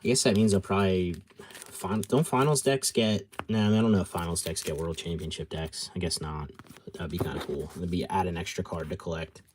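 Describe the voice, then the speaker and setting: A man's voice: sits low, a little fast, a little mellow, slight background noise. A man rambling casually on a live stream, answering viewers' chat and often correcting himself mid-thought. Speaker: card collector streamer.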